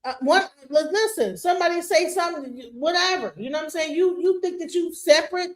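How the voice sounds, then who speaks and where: A woman's voice: very high voice, fairly quick. A woman co-hosting a livestream, talking bluntly and emphatically in casual slang. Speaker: livestream co-host. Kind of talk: casual heated chat.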